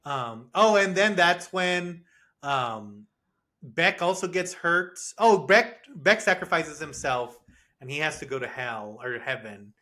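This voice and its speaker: A bright, forceful male voice, a little higher than most, chatting loosely about a film with his co-hosts. He rattles through the plot, laughs often, and pops into goofy quoted voices along the way. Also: very animated, slow. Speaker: podcast co-host. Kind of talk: casual movie review chat.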